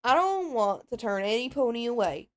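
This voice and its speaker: A folksy Southern mare pony with a stubborn streak and a warm, plain-spoken drawl, as a woman puts her on. She sounds earnest and set in her ways, fitting a fan game role-play, with a voice pitched a touch high. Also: big pitch swings, normal speed. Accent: Southern US (put on). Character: kind country mare pony, stubborn farm leader.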